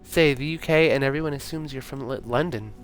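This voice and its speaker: A man's voice: mid-range voice, brisk, faint music behind, pitched above the performer's own voice, natural voice. A man reading a sweary, blunt pregnant woman. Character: feisty pregnant young English woman passenger.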